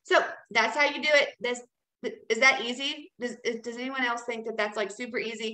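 A woman's voice: a little high, steady tone, a little fast, pushed and bright, roomy sound, low-quality recording. A woman leading a casual training talk, chatty and encouraging, often checking in with "okay?". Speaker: team leader training new sellers.

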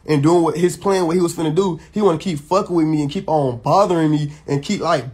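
A man's voice: on the high side, quick pace, a little mellow, husky. A man, venting heatedly and emphatically to his viewers, swearing and restarting often. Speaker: social media personality. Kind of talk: venting straight to camera.

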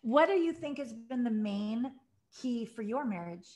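Engaged woman host, higher voice. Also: animated, measured pace, darkish tone. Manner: engaged, frequent affirming murmurs. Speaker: podcast host. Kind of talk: conversational interview.

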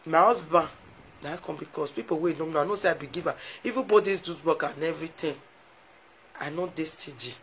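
A woman's voice: deep voice, a little fast, slight background noise, poor audio. Effusive Nigerian woman live-streaming. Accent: Nigerian Pidgin English. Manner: effusive, thanks viewers warmly and often; emotional, heartfelt. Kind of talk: casual live-stream chat to viewers.

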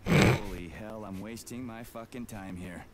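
An actor playing a gruff male soldier protagonist who talks sarcastically and swears a lot. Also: lowish voice, a little slow, lightly acted. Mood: sardonic. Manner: sarcastic, profane. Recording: game music behind.

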